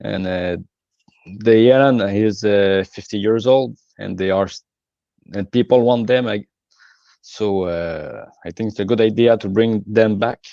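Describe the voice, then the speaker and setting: A man's voice: on the low side, dark tone, dry recording, dull audio. French-accented man, hesitant guest. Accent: Québécois French. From Quebec. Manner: hesitant, many pauses and fillers. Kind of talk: casual interview.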